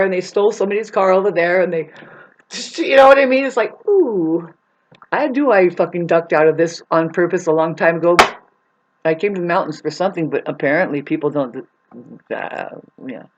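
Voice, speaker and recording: In a brisk, medium-pitched voice, a vlogger launches into a ranting monologue, angry, rambling, and profane, aimed at warning and scolding whoever is listening. The audio sounds dull.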